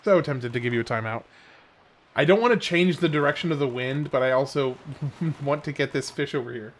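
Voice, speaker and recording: A man's voice: mid-range voice, a little fast. A man from Oklahoma with a Southern accent, streaming a game and chatting casually with his viewers on a headset mic, laid-back and often chuckling. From Oklahoma, USA. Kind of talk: casual live-stream chat while playing.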